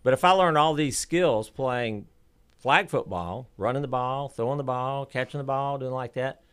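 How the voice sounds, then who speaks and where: A man's voice: mid-range voice, normal speed, a bit bright, smooth. A man as a radio interview guest, earnestly explaining a youth football program.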